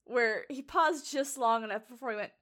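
A woman co-hosting a podcast in casual chat, animated and laughing often. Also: fairly high pitch, normal speed. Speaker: podcast co-host.

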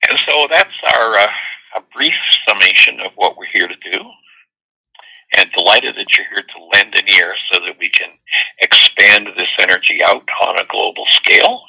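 A man with a low, gravelly and slightly husky voice hosts a spiritual call-in show. He teaches and tells stories, acting out quoted voices with animation. The tone is sharp and forward. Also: moderate pace, poor audio. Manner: storytelling, animated quoting voices. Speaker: host and workshop teacher. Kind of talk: spiritual talk with call-ins.

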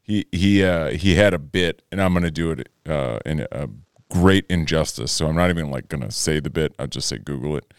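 A man's voice: rumbling low, brisk, smooth, dry recording, clean studio sound. A man co-hosting a podcast in casual chat, loose and profane, joking around. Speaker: podcast co-host.

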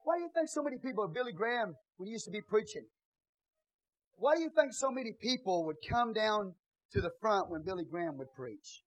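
A man preaching a sermon as pastor in a church, dropping to quiet asides and rising to loud shouts. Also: high voice, sing-song, fairly quick, lo-fi sound.

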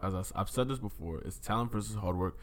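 Animated young-sounding man chatting anime. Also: lowish voice, fast talker. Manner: animated, swearing, stumbling restarts. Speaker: podcast co-host. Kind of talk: casual anime discussion.

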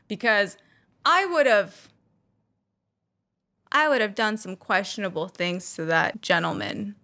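A young woman telling animated, self-mocking stories to her viewers. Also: on the high side. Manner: animated, self-mocking, acts out quotes in loud squeals. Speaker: vlogger. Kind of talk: casual storytelling to camera.

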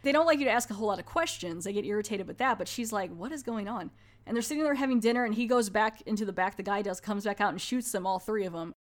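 A woman's voice: mid-range voice, rapid-fire, hardly any pauses. A woman casually reviewing a horror anthology film, retelling scenes in a chatty way with quoted lines. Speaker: movie reviewer.

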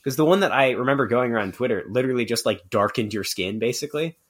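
A man's voice: medium pitch, animated, quick pace. A man hosting a casual podcast chat, rambling with lots of "like" and restarts.

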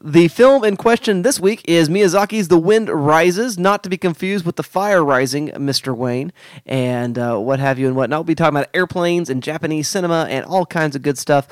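A man from Oklahoma co-hosting a casual film analysis podcast, animated and jokey with playful asides. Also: on the high side, moderate pace, dry recording, clean studio sound. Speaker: podcast co-host.

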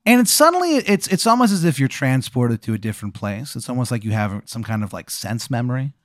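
A man's voice: mid-range voice, sing-song, brisk, no room sound, clean studio sound. A man improvising a story as game master, rambling with many fillers.

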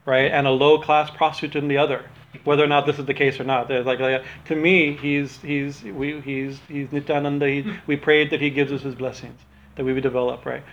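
Speaking a little fast at medium pitch with little pitch movement, a man rambles through an informal religious talk as a spiritual teacher. He restarts often and keeps asking "right?", and the recording sounds dull and lo-fi.

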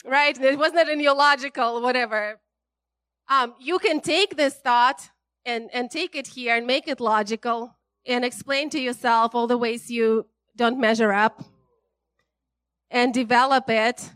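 A woman with a high voice preaches in a relaxed, conversational way. She is chatty and animated, laughs a lot and keeps checking in with her listeners. The sound is close and dry. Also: measured pace, no echo. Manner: chatty and animated, laughs often, many "right?" tags. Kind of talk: casual, conversational sermon.

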